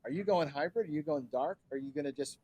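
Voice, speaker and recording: Eager man with a husky voice. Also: a little high, quick pace, warm tone. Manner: eager, chiming in with questions. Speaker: panel host. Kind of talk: casual panel talk.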